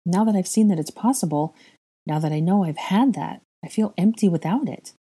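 A sorrowful young woman in a storybook reading, as the narrator puts her on, hesitant and full of sighs. The voice is breathy and dark, with a low, mellow tone. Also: fairly quick. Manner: doleful, sighing, hesitant. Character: young woman, grieving and self-doubting.

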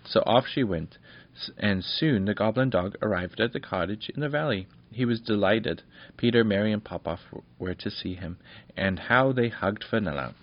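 Low-voiced man reading a children's story. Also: normal speed, muffled recording. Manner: warm, homely reading with asides.

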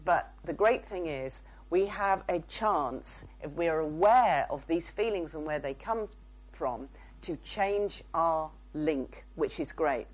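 A woman's voice: low voice, lively intonation, takes it slowly, poor audio. A woman, a psychotherapist and author, telling case stories as a guest. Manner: storytelling with quoted dialogue.

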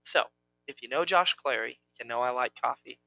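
A young man co-hosting a casual chat, talking in an animated, rambling, playful way. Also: mid-range voice, moderate pace, vocal fry, no echo, poor audio. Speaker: co-host.

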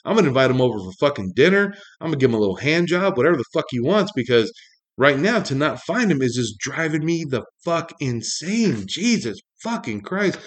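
A man's voice: on the high side, big pitch swings, fairly quick. A man ranting casually in a monologue, exasperated and profane, rambling with many fillers.

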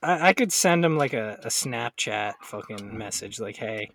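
A man's voice: medium pitch, expressive, moderate pace, gravelly, fairly bright tone. Nasal joking podcast co-host, man. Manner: joking, rambling, laughs often, swears freely. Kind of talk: casual chat.

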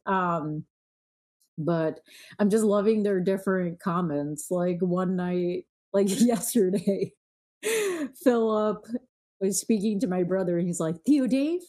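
A woman in her thirties chatting casually on a podcast, telling family stories and acting out her children's lines. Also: fairly low pitch. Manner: storytelling, animated quoting of her kids. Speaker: podcast co-host. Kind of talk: casual chat.

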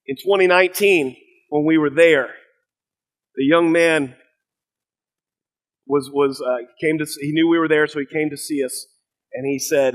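A middle-aged man, a pastor preaching a sermon, telling stories in an earnest, halting way with fillers and restarts. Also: on the high side, fairly even intonation, low-quality recording.

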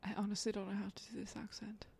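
A young woman chatting casually while playing an accent-guessing game, chatty and unsure of herself, quick to laugh. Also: medium pitch, little pitch movement, creaky, darkish tone, breathy edge. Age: young adult. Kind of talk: casual chat.

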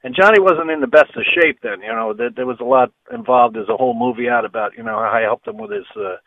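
A man, a guitarist guest on an interview, telling stories and acting out quoted dialogue with lively energy. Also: mid-range voice, fast, creaky, no echo, narrow, tinny audio. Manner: animated storyteller who acts out quoted dialogue. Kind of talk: storytelling interview.

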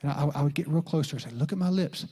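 A middle-aged man preaching a sermon as a pastor, telling a story with lively jumps in pitch and soft whispered quotes. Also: racing, husky.

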